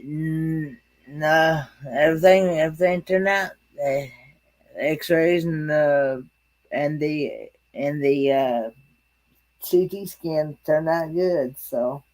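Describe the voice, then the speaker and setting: Slow, halting Southern man. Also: fairly high pitch, a little mellow. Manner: slow, halting, repeats words. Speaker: regular guest. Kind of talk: casual chat.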